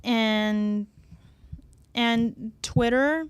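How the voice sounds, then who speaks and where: A woman talking as a guest on a casual gaming podcast, halting and full of fillers and repeated words. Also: a little high, smooth, no room sound.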